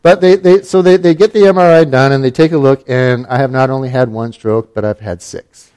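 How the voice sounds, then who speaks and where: A middle-aged man from Alaska recounts a personal story in an easy, conversational way. His voice sits at an ordinary middle pitch, and his humor is wry and self-deprecating. He stumbles and restarts often, as people do in unscripted talk. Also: a little fast, a little mellow, clean tone. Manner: wry, self-mocking, with frequent fillers and restarts. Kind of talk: personal story told casually.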